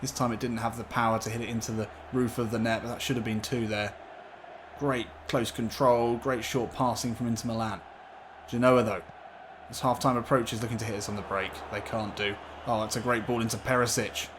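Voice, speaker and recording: A man narrates his own football video game match like a match commentator, rising with excitement as the chances come. His voice sits in a middle range. A faint hiss runs under the recording. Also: medium pitch, fairly quick. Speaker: gaming YouTuber. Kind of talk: gameplay commentary.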